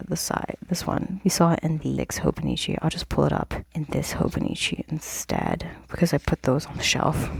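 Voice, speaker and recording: A woman whispering a casual vlog walkthrough of her planner at a home desk, in a low morning voice, halting with many fillers. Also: gravelly, darkish tone, breathy edge, dry recording. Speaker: planner vlogger. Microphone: desk mic.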